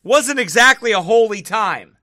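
A man's voice: sits high, animated, measured pace, bright, forceful tone, no echo, clean studio sound. A man giving casual commentary to camera, mocking and often laughing between remarks, turning preachy when he gets serious. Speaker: online video commentator.

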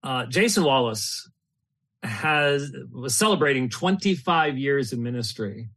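A man's voice: medium pitch, animated, a little slow, fairly bright tone. A middle-aged man with an ordinary mid-range voice talks in loose, unscripted reflections. He rambles, circles back with fillers and false starts, and laughs now and then. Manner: rambling, full of fillers and restarts, laughs often. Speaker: host. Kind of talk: casual spoken reflections.

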